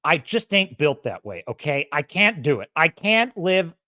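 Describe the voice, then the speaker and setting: A woman's voice: low-pitched, big pitch swings, normal speed, pushed and bright, no room sound, clean studio sound. A woman hosting a show, ranting casually and sarcastically, laughing often and doing mocking impressions. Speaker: show host. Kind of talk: casual commentary rant.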